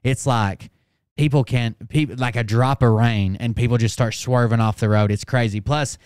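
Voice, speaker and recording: A man hosts a live stream, chatting casually in an offhand, rambling manner packed with fillers. His mid-range voice is steady, clear and resonant with a darkish tone, and he speaks at a moderate pace. The sound is clean studio audio with no echo.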